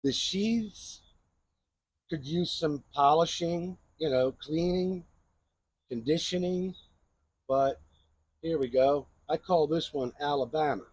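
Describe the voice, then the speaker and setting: Male host, husky voice, casual rambling knife review. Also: fairly high pitch, slow pace, long pauses, dry recording. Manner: chatty, rambling, keeps asking "right?". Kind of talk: casual show-and-tell review.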